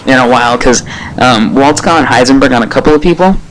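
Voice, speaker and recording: Rambling excitable man reviewing a show. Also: mid-range voice, brisk, slight background noise, rough recording. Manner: rambling, excitable retelling full of fillers; swears casually. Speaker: TV episode reviewer. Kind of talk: casual spoken review.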